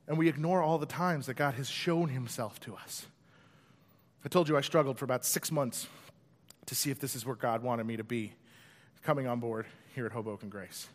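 A pastor preaching a sermon, telling a story in an animated way and acting out its voices. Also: male voice, mid-range voice, normal speed. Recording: long hall reverb.

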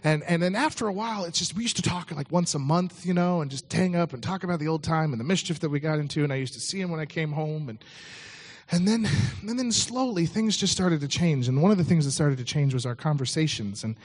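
A man's voice: fairly high pitch, quick pace. A man preaching a sermon, telling a story in a conversational way with frequent restarts.

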